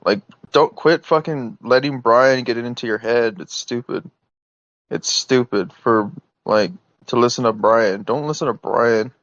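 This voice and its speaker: A man's voice: medium pitch, a little slow, fairly bright tone, no room sound. A man on a heated private voice call, talking in an insistent, exasperated way, full of "like" and "you know", on dull lo-fi audio. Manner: insistent, exasperated, filler-heavy.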